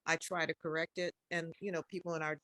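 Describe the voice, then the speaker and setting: A woman's voice: sits low, fast, no echo. Emphatic older woman sharing a grievance. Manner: emphatic and expressive. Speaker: participant. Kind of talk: casual chat.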